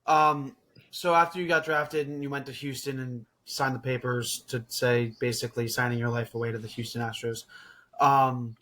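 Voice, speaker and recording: A man co-hosting a podcast, asking a guest a question with halting phrasing and fillers. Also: medium pitch, flat delivery, a bit bright, a little hiss or hum. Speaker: podcast co-host.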